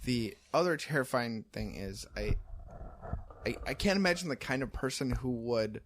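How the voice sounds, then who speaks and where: A man's voice: mid-range voice, lively intonation, normal speed, a little hiss or hum. A man co-hosting a podcast, chatting casually and hesitantly with stammering restarts. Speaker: podcast co-host. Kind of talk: casual chat.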